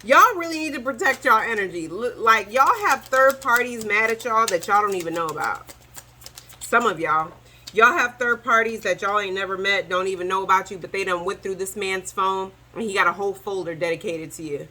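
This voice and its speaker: Bright-voiced woman giving a casual tarot reading. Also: mid-range voice, brisk, rough recording. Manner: chatty, animated, addresses viewers as y'all. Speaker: tarot reader.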